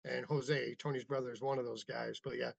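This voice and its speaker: A man's voice: medium pitch, flat delivery, fairly quick, vocal fry. A man hosting an interview in easygoing casual chat. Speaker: interviewer, host. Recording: dry, slightly dull mic sound.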